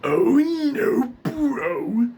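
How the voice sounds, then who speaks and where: Man doing Muscle Man, high gravelly cartoon cry. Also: animated, extremely slow, a little mellow, a little hiss or hum, full character voice. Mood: loud, whiny. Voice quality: gravelly, forced from the throat.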